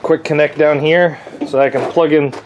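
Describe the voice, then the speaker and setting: A man's voice: on the high side, steady tone, moderate pace, a little mellow, slight background noise. Frustrated man vlogging from his workshop. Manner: frustrated, talks to his machine, rambling with restarts. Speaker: vlogger, shop owner. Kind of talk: casual workshop vlog.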